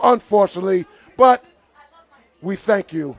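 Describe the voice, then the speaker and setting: A male play-by-play announcer with a notably high voice calls a live football game. He talks loosely and with feeling, and keeps turning indignant and exasperated. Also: normal speed, dry recording. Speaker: play-by-play commentator. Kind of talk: live sports commentary.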